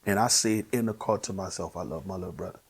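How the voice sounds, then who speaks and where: Husky New Orleans man telling his testimony. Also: sits low, fast talker. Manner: earnest, emotional, drops to a hushed near-whisper. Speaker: guest sharing his testimony. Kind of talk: personal testimony storytelling.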